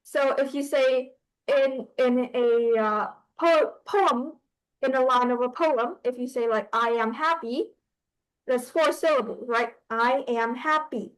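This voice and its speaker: A woman teaches a poetry class, explaining things hesitantly with lots of pauses and restarts. Her voice sits high, and the audio quality is poor.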